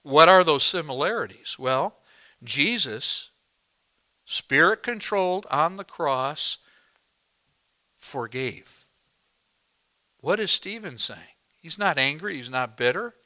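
Male pastor, fairly high and bright, clear tone, dynamic sermon delivery from quiet to loud. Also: lively intonation, slow pace, pauses often. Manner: dynamic preaching, swings from hushed to loud emphatic.

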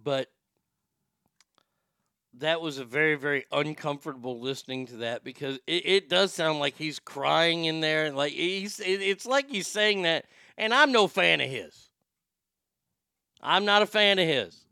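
A man's voice: on the high side, unhurried, gravelly, sharp tone, clean tone, dry recording, studio quality. A man giving loose, rambling commentary on a clip, with sighs and the odd curse. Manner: rambling, sighing, swearing. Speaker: streamer reacting to clips. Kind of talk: casual commentary.

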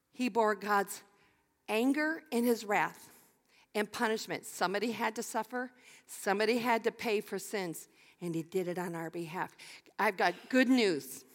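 An older woman pastor preaching a sermon, animated and emphatic, laughing easily and repeating key phrases. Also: mid-range voice. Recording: long hall reverb.

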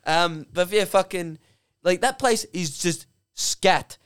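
Young man, australian accent, podcast co-host, sarcastic swearing, high voice, clean smooth tone. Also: takes it slowly, a bit bright. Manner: swears constantly, mocking, sarcastic. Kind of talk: crude banter.

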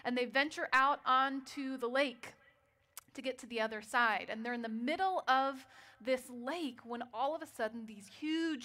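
A woman preaching a sermon, telling a story and dropping to a quiet voice for dramatic moments. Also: sits high.

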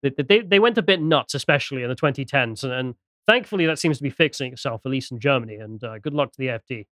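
A man co-hosting a political podcast, presenting a news item in a quick, sardonic way and reading out posts with asides. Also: medium pitch, animated, a bit bright, no echo, studio quality. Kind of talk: casual political podcast chat.

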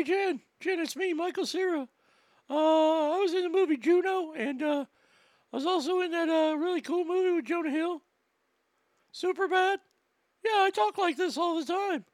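A man's voice: very high-pitched, no echo, voice pushed up. A nerdy, timid young guy impression. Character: impression of a nervous young male actor.

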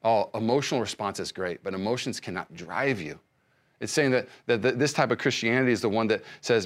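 A male pastor giving a sermon, speaking conversationally with many restarts and swinging between loud emphasis and soft hushed lines. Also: lowish voice, quick pace. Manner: frequent fillers and restarts, conversational preaching.

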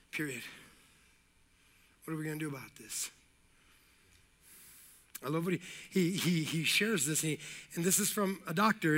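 A middle-aged man preaching a sermon as pastor, energetic and repetitive, with jokey asides and calls of amen. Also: fairly high pitch.

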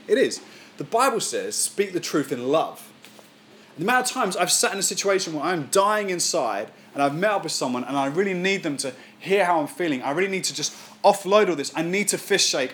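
A man giving a Sunday sermon as the speaker at church, reading scripture slowly and then acting out quotes and voices with lively emphasis. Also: a little high, a little hiss or hum. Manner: animated preaching, acts out voices and quotes. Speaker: pastor.

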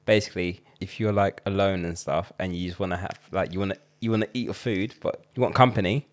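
A man's voice: sits low, steady tone, fast. A young man co-hosting a podcast, rambling in casual banter and laughing often. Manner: rambling, laughs often, trails off mid-sentence. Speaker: podcast co-host.

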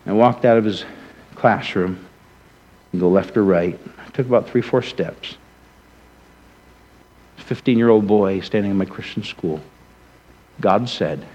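A man from Rhode Island preaching a sermon as a story, swinging between emphatic passages and hushed, soft ones. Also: fairly low pitch, a little slow, pauses often, slightly rough, highs cut off. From Rhode Island, USA.

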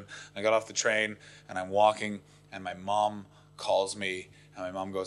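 A man doing stand-up, telling a story in an animated, profane way that swings from low muttering to frantic yelling. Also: normal speed, few pauses. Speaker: stand-up comedian.

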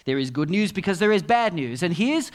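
Middle-aged male pastor, sermon, storytelling manner with quiet asides; high, very lively voice. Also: a little fast.

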